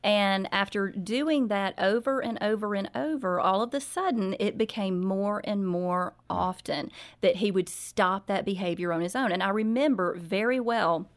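A woman's voice: mid-range voice, normal speed, few pauses. Sincere mother sharing parenting stories. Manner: warm, sincere, faith-based parenting advice. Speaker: parenting author and guest. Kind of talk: earnest interview storytelling.

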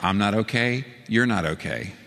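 A man preaching a sermon as pastor, telling stories and acting out quoted lines with sudden high-pitched jumps. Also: expressive, moderate pace, gravelly, in a large hall, background noise.

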